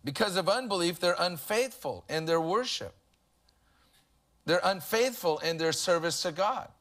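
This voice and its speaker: A man delivers a sermon in a relaxed, talkative way. His voice sits a little high, and he drifts into humorous everyday stories as he preaches. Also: measured pace. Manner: conversational preaching with humorous anecdotes. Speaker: pastor.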